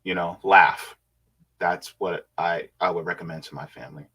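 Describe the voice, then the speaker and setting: A man hosting a casual livestream, reading viewer comments aloud and musing on them in a laid-back way with quiet hums. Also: low-pitched, steady tone, normal speed, slightly rough.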